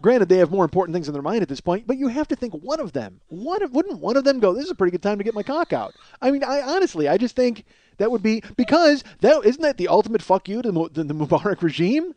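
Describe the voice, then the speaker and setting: Fast-talking crude comic man in his forties. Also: high voice, very animated, mellow. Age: 40s. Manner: crude, self-mocking, laughs at his own jokes. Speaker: podcast host. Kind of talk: rambling comedic monologue.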